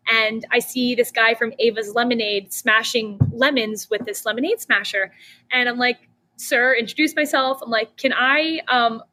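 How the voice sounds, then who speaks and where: A young woman telling her story as a podcast guest, chatty and animated, with lots of "um" and "like". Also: fairly high pitch. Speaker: guest, snack company founder. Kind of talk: casual interview storytelling.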